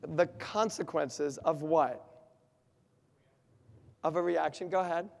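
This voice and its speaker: A man leads a workshop in a large hall, his voice carrying a long reverb. He quizzes the crowd and drives his points home with emphasis, sitting a little higher than most men. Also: takes it slowly, gravelly. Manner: asks the audience questions, lively and emphatic. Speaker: workshop speaker. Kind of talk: interactive talk to an audience.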